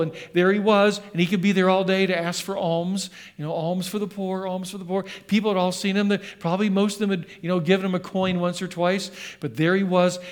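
Animated high-voiced man preaching. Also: smooth. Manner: animated, acts out scripture voices, sings along. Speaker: pastor. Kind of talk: sermon.

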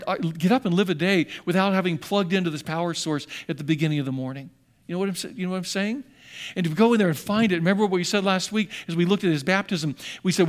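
A male pastor preaching a sermon with fervor, repeating phrases and acting out the quotes he reads. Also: sits high.

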